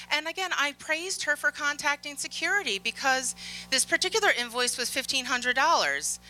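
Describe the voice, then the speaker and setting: A woman giving a conference keynote, telling work stories in a lively way, acting out the dialogue and laughing often. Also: high-pitched, normal speed, faint music behind, low-quality recording. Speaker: conference speaker on security. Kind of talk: keynote storytelling. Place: conference stage.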